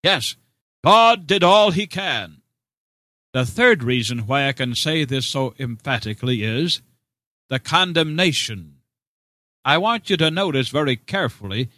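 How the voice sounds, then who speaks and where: A man's voice: on the high side, pushed and bright, dry recording. A man preaching a sermon to the listener, earnest and emphatic, often calling out "my friend". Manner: slow, earnest, emphatic preaching with rising exclamations. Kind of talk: radio sermon.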